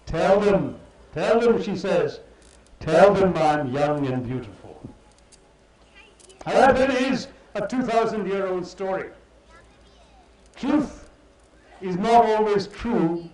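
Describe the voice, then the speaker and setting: A man delivering a ceremonial speech to students, telling a story in a measured, oratorical way with dramatic pauses. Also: high voice, a little mellow. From India. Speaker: chief guest speaker. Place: large hall. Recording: echoey hall, from far off.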